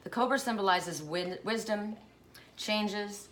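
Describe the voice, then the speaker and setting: A woman's voice: mid-range voice, takes it slowly, a bit bright, slight background noise. A woman giving a spiritual oracle card reading, musing aloud with coughs and asides, choked up at times.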